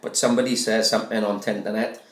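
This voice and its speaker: A man's voice: lowish voice, level tone, racing. A man in his forties, co-hosting a casual chat, exasperated and swearing. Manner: exasperated, swears, repeats "it's embarrassing". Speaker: podcast co-host. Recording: roomy echo with chatter behind.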